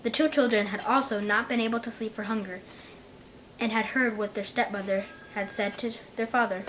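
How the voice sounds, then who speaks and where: A woman's voice: mid-range voice, steady tone, a little fast, a bit bright, a little hiss or hum, poor audio. A woman narrating a fairy tale in a plain read-aloud voice.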